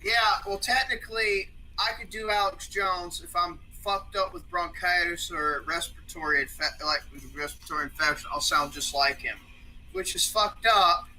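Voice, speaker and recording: A man guest on a podcast, talking in a rambling, profane, excitable way. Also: high-pitched, normal speed, slight background noise, rough recording. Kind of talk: casual podcast discussion.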